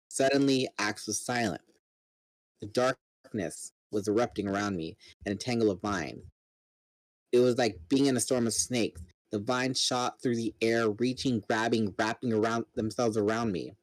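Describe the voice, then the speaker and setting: A man's voice: lowish voice, unhurried, no echo, rough recording. A man reading a novel aloud, narrating steadily and voicing the characters himself. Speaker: reader. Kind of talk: dramatic book reading.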